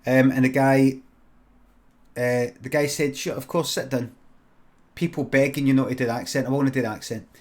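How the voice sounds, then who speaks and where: A Scottish man spinning an improvised comic story for a livestream audience. His voice sits at a medium pitch. He rambles casually, restarting phrases and tagging lines with a questioning "eh?". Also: steady tone, a little fast. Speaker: comedian streamer.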